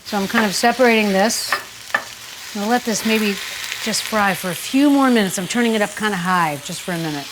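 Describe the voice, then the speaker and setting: A woman hosts a cooking show from a kitchen in a casual, running patter. Her voice sits in a middle register, and she is frank and quick to poke fun at herself. Faint sizzling from the pan comes through behind her. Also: medium pitch, noisy background. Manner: chatty, candid and self-mocking, with sudden exclamations.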